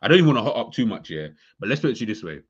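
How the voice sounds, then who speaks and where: Man from London, low voice, halting casual banter, dull recording. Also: sing-song, husky. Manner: chatty, halting, many restarts.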